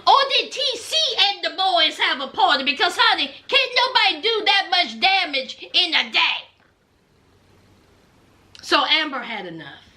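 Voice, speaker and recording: A woman's voice: extremely high pitch, sing-song, a little slow, pushed and bright. A woman hosting a reality TV recap, telling it as a sassy, dramatic story in casual commentary. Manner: sassy, dramatic storytelling, calls listeners honey.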